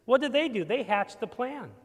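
A man, a pastor, preaching a sermon emphatically. His delivery moves from quiet passages up to loud ones. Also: very high-pitched, animated, moderate pace, breathy edge. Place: church sanctuary. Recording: long church reverb.

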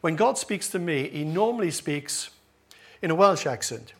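A man's voice: fairly high pitch, expressive, moderate pace, fairly bright tone. Self-deprecating man preaching a sermon. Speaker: pastor. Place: church with congregation. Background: congregation laughing.

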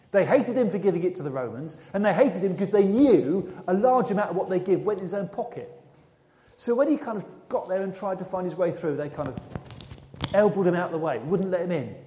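A man preaching a sermon, retelling a Bible story as a dramatic storyteller who turns quiet and intimate. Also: sits high. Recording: echoey hall with long reverb.

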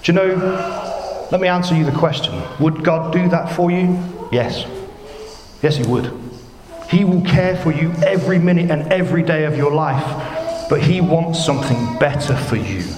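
A man's voice: a little high, moderate pace. A man preaching a sermon, earnest and emphatic, pressing his points with rhetorical questions. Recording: echoey hall with long reverb.

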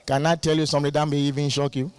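High-pitched guy preaching, lots of laughing, keeps asking the crowd hello? eh?. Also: racing, clean tone, dry recording. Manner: animated, laughing, call-and-response with congregation. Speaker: guest preacher. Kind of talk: sermon.

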